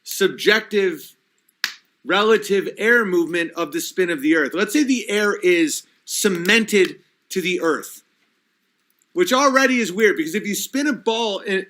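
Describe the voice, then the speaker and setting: A high-voiced man who rants on a livestream, swearing and arguing with his chat. His voice is bright and sharp, and a few drinks loosen his delivery. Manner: agitated, profane, reading chat comments aloud. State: has been drinking. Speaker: livestream host.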